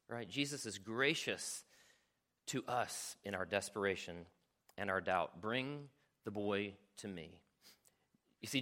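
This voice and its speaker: A man preaching a sermon as a pastor, earnest and conversational, often checking in with the congregation and sometimes dropping to a hushed near-whisper for emphasis. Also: medium pitch. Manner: earnest, conversational preaching with frequent "right?" asides.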